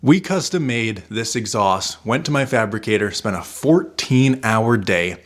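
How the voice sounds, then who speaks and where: A man's voice: on the low side, lively intonation, unhurried. A brash young man hosting a car vlog, talking casually with slang and swearing, sometimes mocking commenters in a raised whiny voice. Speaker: car channel host. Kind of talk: casual garage vlog talk.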